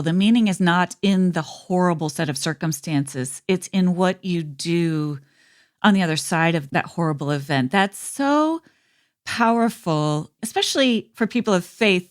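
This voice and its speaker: A woman hosting a podcast interview, responding in an affirming, enthusiastic way. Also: on the low side. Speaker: podcast host. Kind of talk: interview conversation.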